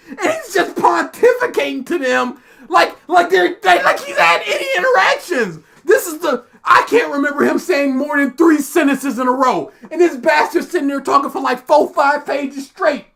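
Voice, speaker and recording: A woman's voice: high voice, animated, normal speed, vocal fry, fairly bright tone. A woman streamer ranting in casual commentary, exasperated and sarcastic, mocking characters in put-on voices. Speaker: streamer reacting live.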